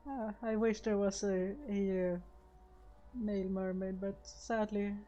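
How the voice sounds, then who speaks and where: A woman's voice: medium pitch, flat delivery, takes it slowly, mellow, muffled recording, soft background music. A woman streaming a game, chatting casually and a bit hesitantly as she plays. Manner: chatty, self-deprecating, hesitant.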